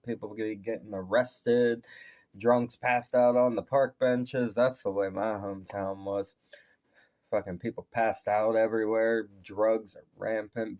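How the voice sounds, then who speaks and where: A relaxed man in his thirties chats through a reaction video in a low voice. It has a worn, tired edge from a long shift of taking orders. He curses casually and laughs along as he goes. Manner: laid-back, swears a lot, laughs often. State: tired voice from talking at work.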